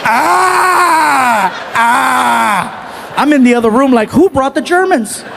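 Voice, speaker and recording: A middle-aged man performing a stand-up comedy routine, telling animated stories and acting out the voices of his family. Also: extremely high pitch, quick pace, very noisy. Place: comedy stage with a live audience.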